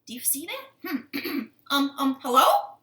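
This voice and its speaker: A woman voicing a group of small, excitable pond frogs who chatter and exclaim in high voices. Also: measured pace, full character voice. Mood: puzzled. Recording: roomy living room.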